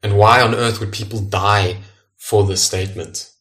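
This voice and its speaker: A man preaching an earnest, measured sermon as pastor, slowing down to stress key phrases. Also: fairly low pitch, steady tone, fairly bright tone, distant mic.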